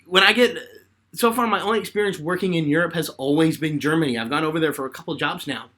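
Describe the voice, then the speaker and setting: A man in his twenties hosting a live fan question-and-answer chat, telling stories in an animated way and laughing often. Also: on the high side, fast talker. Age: 20s.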